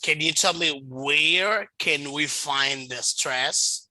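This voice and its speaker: A man teaching an English lesson online, slow and patient, explaining step by step. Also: on the high side, bright, forceful tone, no room sound, low-quality recording.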